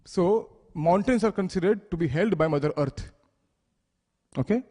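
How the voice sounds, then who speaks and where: A man's voice: sits high, lively intonation, normal speed, mellow, long reverb tail. A man giving a devotional scripture class, explaining words step by step and asking the listeners questions. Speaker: temple class speaker. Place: temple hall.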